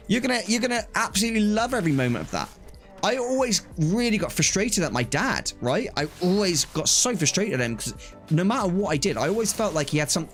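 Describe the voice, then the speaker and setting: Man, young adult, casual live-stream chat, animated storyteller, slightly high voice, faint music behind. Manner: animated storytelling, acts out quoted exchanges, laughs often.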